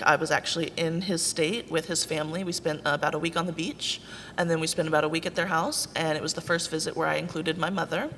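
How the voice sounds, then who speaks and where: A woman's voice: on the low side, a bit bright. A woman, a birth mother on a panel, telling her personal story in a candid, wry, self-deprecating way. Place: conference hall. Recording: echoey hall with faint noise.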